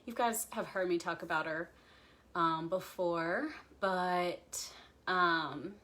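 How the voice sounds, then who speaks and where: Low-voiced woman reminiscing haltingly. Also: bright, forceful tone. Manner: reflective, halting, many ums and restarts. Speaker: pastor hosting a livestream chat. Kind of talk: casual livestream chat.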